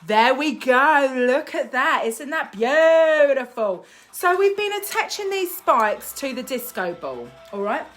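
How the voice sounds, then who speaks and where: A woman's voice: high-pitched, big pitch swings, measured pace, few pauses, soft background music. A woman presenting a live-streamed craft tutorial, telling playful made-up facts, giggling and chatting with many fillers.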